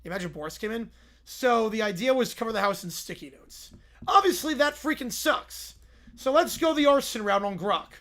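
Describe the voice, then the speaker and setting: Man, livestream host, casual reaction chat, rambling, lively pitch swings. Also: brisk.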